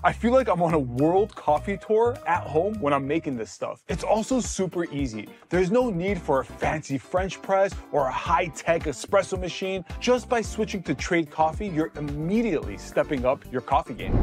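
An upbeat man hosts a casual tasting vlog with a slightly high voice. He talks with excitable energy, and clear music plays behind him. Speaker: host. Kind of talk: casual chat and sponsor read.

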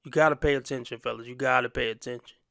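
Blunt, gravelly male commentary host. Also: mid-range voice, fairly even intonation, quick pace, bright, forceful tone, no room sound, studio quality. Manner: blunt, crude, mocking. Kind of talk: reaction commentary.

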